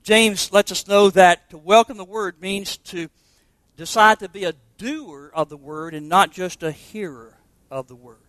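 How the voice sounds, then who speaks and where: A pastor preaching a sermon to confirmation students, emphatic and asking rhetorical questions. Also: male voice, high-pitched, unhurried, a bit bright, no room sound.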